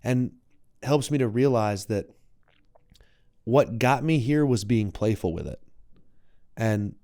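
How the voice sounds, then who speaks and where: A young adult man, a wellness coach and content creator, appears as a guest on a casual podcast, speaking reflectively and acting out quoted voices. His mid-range voice is expressive, slow and mellow, recorded dry in studio quality.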